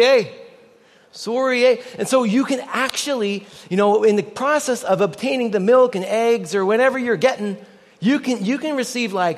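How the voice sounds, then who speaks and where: A Canadian man preaching a sermon in an animated, joking way, getting the audience to repeat lines after him. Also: sits high, big-room sound. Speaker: pastor.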